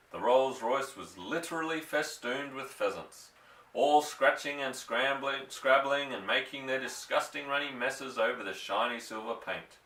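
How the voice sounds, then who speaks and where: A man narrating a children's story in an expressive, measured reading. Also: mid-range voice. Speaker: audiobook narrator. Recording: roomy, from a distance.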